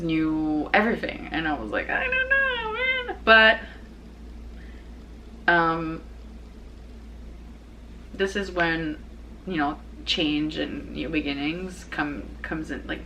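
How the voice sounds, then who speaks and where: Chatty young woman, lowish voice. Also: a bit bright, slight background noise, poor audio. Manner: rambling, chatty, many fillers and restarts; laughs easily. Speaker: podcast host. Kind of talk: casual personal chat.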